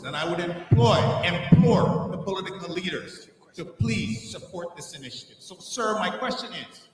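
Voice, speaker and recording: Older man, questioner at a conference floor mic; bright, tense voice, heard from afar in an echoey hall with faint ambience. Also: high voice, far from the mic, a little hiss or hum. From Caribbean island. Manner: earnest, emphatic, halting restarts. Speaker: audience questioner. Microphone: floor microphone.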